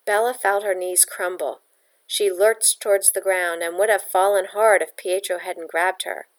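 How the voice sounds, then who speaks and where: A woman reading a novel aloud at a mid pitch. Her delivery is steady and plain, carrying the narration evenly. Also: normal speed. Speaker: audiobook reader.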